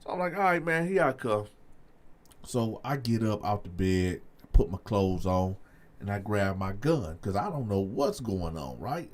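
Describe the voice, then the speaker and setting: A man hosting a storytime channel, talking straight to his viewers in an animated way, with frequent "y'all" and stammered restarts. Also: medium pitch. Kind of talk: casual storytime monologue.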